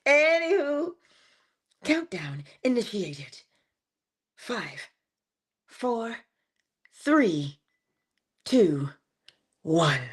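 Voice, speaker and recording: A woman hosting a casual spiritual livestream, greeting her viewers by name with affectionate, drawn-out welcomes and the odd whispered aside. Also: low voice, a little mellow. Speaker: livestream host.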